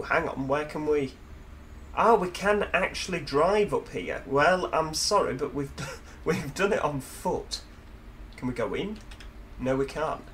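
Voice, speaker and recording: A man's voice: fairly high pitch, a bit bright, a little hiss or hum. A man with a Yorkshire accent giving casual, joking commentary over a driving game and poking fun at himself along the way. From Yorkshire, England. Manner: chatty, jokey, self-mocking asides. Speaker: gaming video host.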